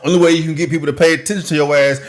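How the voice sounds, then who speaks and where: A man's voice: fairly high pitch, steady tone, very fast. Man ranting crudely in a reaction commentary. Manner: crude, slangy, mocking rant. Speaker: commentary channel host.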